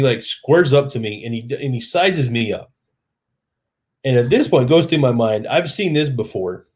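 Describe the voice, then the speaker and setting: A man's voice: mid-range voice, darkish tone. Rambling man telling a story on a live stream. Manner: rambling, self-deprecating, acts out quoted lines.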